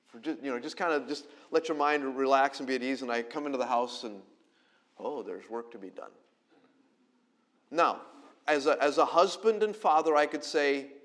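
A middle-aged man, a pastor, preaching a conversational sermon that swings between loud emphasis and quiet, close delivery. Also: mid-range voice, normal speed.

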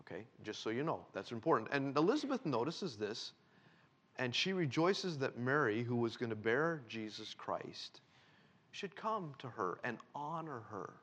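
Lively, animated male preacher. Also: mid-range voice. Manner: animated preaching, reads scripture slowly and loudly. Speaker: pastor. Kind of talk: sermon.

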